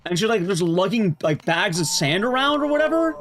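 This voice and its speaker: A man streaming, recapping a film in a casual, sarcastic and animated way. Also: high voice, brisk, hardly any pauses. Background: background music.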